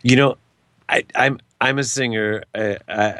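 Man, radio host, casual interview chat, stumbling, quick to laugh, dry close sound. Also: mid-range voice, fairly even intonation, fairly bright tone, no room sound. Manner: chatty, stumbling, laughs easily.

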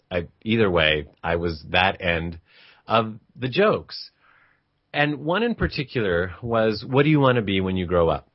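A man's voice: fairly low pitch, dry recording, muffled recording. A middle-aged man who grew up in an Italian family tells a personal story in a conversational, reflective way, with restarts and quoted voices of relatives.

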